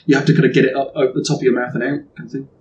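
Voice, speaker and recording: A man narrating as game master of a tabletop game, rambling with many pauses and fillers. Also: medium pitch, little pitch movement, a little mellow, muffled recording, slight background noise. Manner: rambling, hesitant, laughs often.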